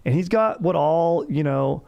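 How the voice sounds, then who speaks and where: A man's voice: on the high side, expressive, unhurried, dark tone, highs cut off. A young man hosting a casual storytelling podcast, hyped and slangy, swearing casually and saying dude constantly. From Orange County, California. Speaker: podcast host.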